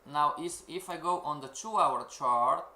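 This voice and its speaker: A man delivers a live-streamed trading lesson in slow, deliberate English that is not his first language. His voice is bright and fairly high, and he peppers the class with rhetorical questions. The room is echoey, with faint keyboard typing behind him. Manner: asks rhetorical questions, keeps calling out "everybody". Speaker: trading course instructor.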